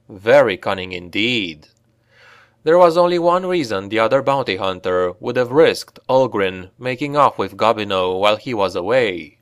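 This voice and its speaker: A man narrating a dark fantasy story in a steady, measured way. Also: mid-range voice, no room sound, clean studio sound. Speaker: audiobook narrator.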